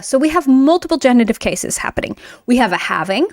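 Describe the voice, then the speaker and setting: A woman teaching a Russian grammar lesson in a chatty, emphatic way, slowing down to read example sentences. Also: high-pitched, very animated, a little mellow. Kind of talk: online language lesson.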